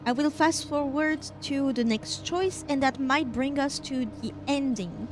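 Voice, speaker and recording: A woman's voice: high voice, a little slow, noisy background. A woman streamer casually talking through a story game, thinking aloud about which choices to make. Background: game music.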